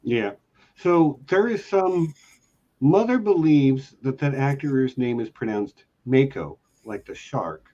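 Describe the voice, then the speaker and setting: A man's voice: medium pitch, animated, takes it slowly, warm tone. A man co-hosting a casual podcast discussion as a long-time fan, talking in an eager, emphatic way. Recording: dull lo-fi audio.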